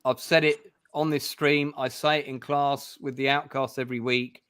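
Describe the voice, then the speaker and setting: A man's voice: medium pitch, flat delivery, normal speed, fairly bright tone, clean tone, dry recording. A British man hosting an interview stream, chatty and encouraging as he puts questions to his guests. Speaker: host.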